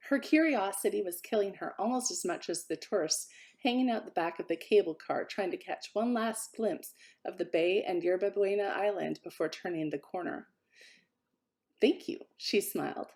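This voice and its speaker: A woman author reading an excerpt from her own novella with a lively, expressive delivery. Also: mid-range voice, normal speed.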